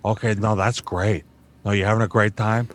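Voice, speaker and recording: A man voicing a rough, straight-edge East Coast tough guy with a mumbled mafia-style delivery and an East Coast accent. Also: fairly low pitch, flat delivery, moderate pace, pitched below the performer's own voice, natural voice. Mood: gruff menacing.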